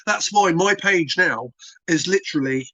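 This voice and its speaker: Being interviewed as a content creator, a man from Britain rambles and repeats himself in a casual, plain-spoken manner. His voice sits high yet is described as mid-range, with a measured pace and a sharp tone, captured in a dull, dry recording.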